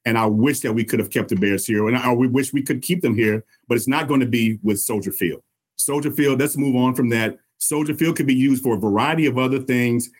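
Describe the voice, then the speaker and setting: A man's voice: medium pitch, a little fast. A man who is an alderman running for mayor, answering interview questions earnestly and often repeating words. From Chicago.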